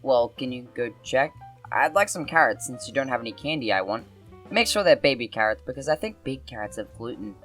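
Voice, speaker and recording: A woman's voice: a bass voice, expressive, brisk, fairly bright tone, voice pushed down. A woman voicing a demanding trick-or-treater child who talks in a picky, matter-of-fact way, with faint music underneath. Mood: fussy.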